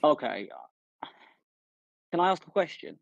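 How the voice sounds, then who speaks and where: A man's voice: fairly high pitch, big pitch swings, a little slow, creaky, dry recording, lo-fi sound. Man, player, casual, hesitant, dry close sound. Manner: hesitant, asks questions. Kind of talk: casual tabletop game chat.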